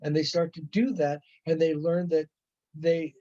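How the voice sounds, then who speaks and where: Casting: male instructor, slightly raised pitch, casual lecture delivery peppered with "right?", slightly muffled recording. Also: little pitch movement, measured pace, warm tone. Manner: conversational, with frequent "right?" check-ins and playful acted-out examples. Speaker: college instructor.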